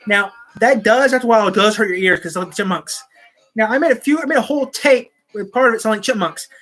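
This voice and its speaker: Speaking fast in a fairly high, slightly bright voice, a channel host rambles casually to camera at home. She restarts her sentences often, and she's using a desk microphone.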